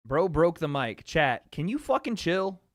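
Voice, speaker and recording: Joking and cursing with his viewers, this livestream host fires off quick asides to chat. His voice is on the high side and very animated, captured dry and studio-quality on a streaming mic.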